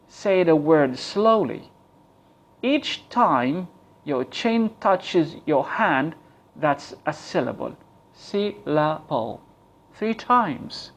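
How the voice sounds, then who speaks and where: A man teaches English pronunciation at an unhurried, careful pace. His voice sits somewhat high for a man. He repeats key points and sounds out example words slowly. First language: Arabic. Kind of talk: slow, deliberate pronunciation lesson.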